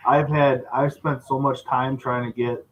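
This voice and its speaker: A man's voice: mid-range voice, level tone, unhurried, highs cut off, slight background noise. A man chatting casually on a video call, easygoing and talkative.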